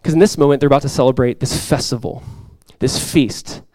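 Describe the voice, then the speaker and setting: A man preaches fervently to the congregation in the church sanctuary, his mid-range voice a little fast and free of room sound. He gets loud on quoted cries and then softens.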